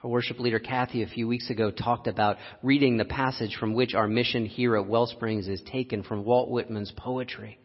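A man preaching a sermon, telling a personal story with frequent laughs and an animated delivery. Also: medium pitch, brisk, hardly any pauses. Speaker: pastor. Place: church sanctuary. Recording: dull lo-fi audio, long hall reverb.

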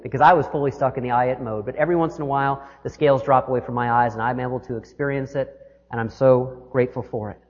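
A man giving a sermon as minister, telling stories and shifting between quick and slow delivery. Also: a little high. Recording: echoey hall, dull lo-fi sound.

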